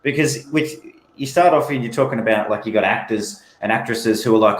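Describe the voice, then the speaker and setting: An Australian man chats casually and rants, often repeating his first words before a sentence gets going. His voice sits at an ordinary pitch. The room around him is roomy and echoey. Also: a little fast, hardly any pauses. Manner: ranting, repeats words as he starts. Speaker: guest on a live stream. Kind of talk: casual chat.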